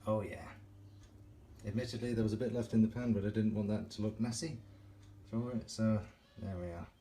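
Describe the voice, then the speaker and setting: Chatty low-voiced man. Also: fairly quick, warm tone, a little hiss or hum, rough recording. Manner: chatty, self-mocking, chuckles often. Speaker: cooking vlogger. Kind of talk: casual cooking and eating vlog.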